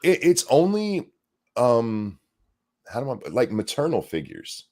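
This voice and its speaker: A middle-aged man co-hosts a live stream show, reading donations and joking in an animated, profane, rambling way full of restarts. His voice is medium in pitch and a little slow.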